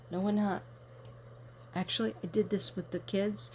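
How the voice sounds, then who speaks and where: An older woman chatting casually to her viewers while unboxing gifts, excitable and quick to gasp with delight. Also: medium pitch, slight background noise. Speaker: tarot reader and vlogger.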